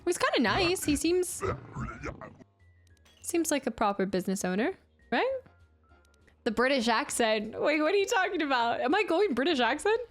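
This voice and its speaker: A woman's voice: high-pitched, very animated, moderate pace, pauses often, faint music behind. A woman streamer in casual gameplay commentary, chatty and playful, who often reads game dialogue aloud.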